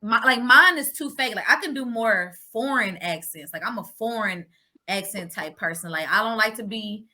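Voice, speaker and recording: A woman, a guest actress, chatting casually on a podcast and telling stories in a lively, animated way. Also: medium pitch, normal speed.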